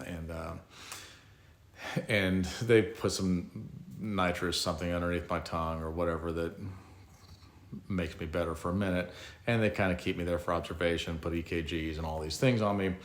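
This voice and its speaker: Brief: middle-aged man, very low voice, casual self-deprecating storyteller, echoey room. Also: fairly even intonation, moderate pace. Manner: conversational, self-mocking, reflective.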